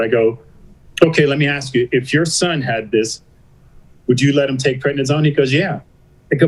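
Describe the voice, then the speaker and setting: A middle-aged man speaks candidly as a podcast guest, his voice sitting at an ordinary middle pitch. He recounts his story by replaying conversations with doctors, slipping into their lines in quick quoted back-and-forth. The recording is rough.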